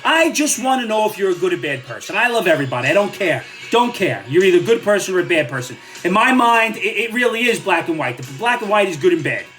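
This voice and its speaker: An older man with a lively, swinging delivery rants bluntly and sarcastically, jumping between gripes and home stories. Faint music plays behind his voice. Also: high voice, fast, few pauses. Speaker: vlogger. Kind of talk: ranting commentary vlog.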